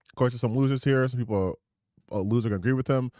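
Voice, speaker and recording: A man's voice: mid-range voice, very fast, darkish tone, dry recording. A man streaming reaction commentary over clips, indignant and sarcastic, swearing freely into a close desk mic.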